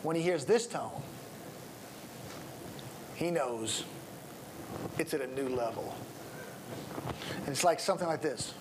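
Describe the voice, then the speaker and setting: A middle-aged pastor teaches a room of preachers, slowing down and speeding up to make his points. His voice sits a little high and his pace is slow and deliberate. A faint hiss of room noise runs underneath. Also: expressive. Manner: varies pace and volume to demonstrate, chuckles.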